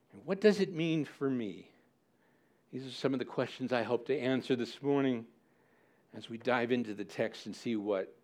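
A man with a mid-range, darkish voice preaches a sermon as a pastor. He acts out his listeners' objections with mock indignation and repeats key words to drive his points home.

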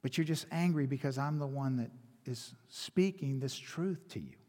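Male pastor with a husky voice, dramatic sermon delivery that drops to a hush, long church-hall reverb. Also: mid-range voice, moderate pace. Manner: dramatic storytelling with sudden swings from loud to hushed. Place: church sanctuary.

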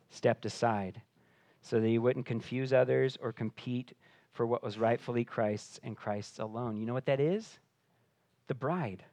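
A man preaching a sermon, swinging between hushed, intimate passages and loud, emphatic declarations. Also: mid-range voice, dry recording. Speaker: pastor.

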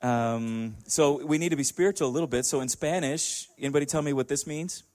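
A man's voice: fairly high pitch, brisk, darkish tone. Chuckling middle-aged man chatting to a congregation. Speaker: church speaker. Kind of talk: casual talk to a congregation.

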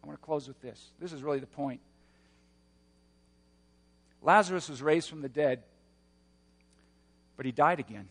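A man preaching a sermon, moving between hushed, slow passages and loud, roaring emphasis. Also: on the high side, breathy edge, in a large hall. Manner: dynamic preaching, swings from hushed to shouting. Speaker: pastor.

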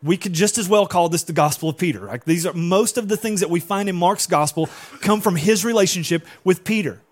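A man preaching a sermon as pastor, animated and often putting questions to his congregation. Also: high voice, a little fast.

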